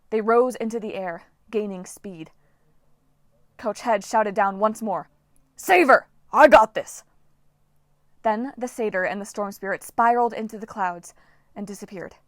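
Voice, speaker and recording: A woman reading a novel aloud as an audiobook narrator, with steady, dramatic storytelling. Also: mid-range voice, normal speed, dry recording, clean studio sound. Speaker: audiobook reader.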